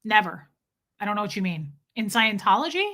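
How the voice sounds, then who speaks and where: A woman's voice: mid-range voice, big pitch swings, fairly quick, pushed and bright. A woman hosting a casual livestream, reading chat and rambling, cooing over her cat and swearing offhand. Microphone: streaming setup.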